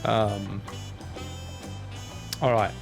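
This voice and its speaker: A man's voice: lowish voice, fairly even intonation, extremely slow, gravelly. A man streaming a game, commenting with crude jokes and self-mocking asides over faint music.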